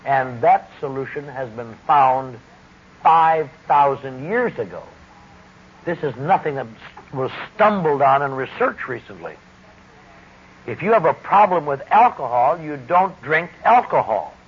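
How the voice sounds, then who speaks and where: A middle-aged man speaking deliberately and wryly, giving a personal testimony talk about recovery. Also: medium pitch, big pitch swings, slightly rough. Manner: deliberate, wry, emphatic speaking. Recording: dull lo-fi recording with faint hiss.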